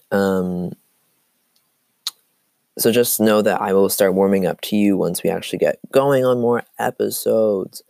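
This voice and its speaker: A teenage boy from the Seattle area hosts his own casual solo podcast, rambling with lots of "like" and "um" while his voice occasionally cracks and he coughs. His tone is low and mellow with vocal fry, recorded dry and close with no room sound.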